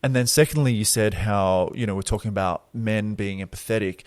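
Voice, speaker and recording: A man hosting a podcast, talking in a relaxed, reflective way and thinking aloud. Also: fairly low pitch, brisk, dry recording. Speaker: podcast host. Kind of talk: casual conversational interview.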